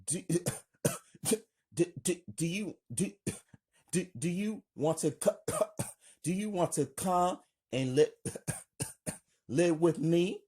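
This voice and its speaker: A frail mother, as a man reads her part, stammers through each phrase, cut off by coughs. Her voice is husky and slow. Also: sits high, mellow, pitched above the performer's own voice, full character voice. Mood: pleading.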